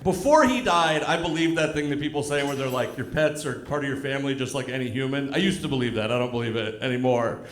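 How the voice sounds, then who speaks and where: A male stand-up comedian telling a story on stage, dry and deadpan, acting out the other people in it. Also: medium pitch, fast, few pauses, slight background noise. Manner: deadpan storytelling with acted-out quotes. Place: comedy club stage with live audience. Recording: echoey live club room.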